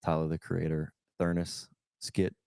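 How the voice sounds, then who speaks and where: Very deep-voiced man, offhand. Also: little pitch movement, a little slow, gravelly, a little mellow, smooth, no room sound, clean studio sound. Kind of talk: casual chat.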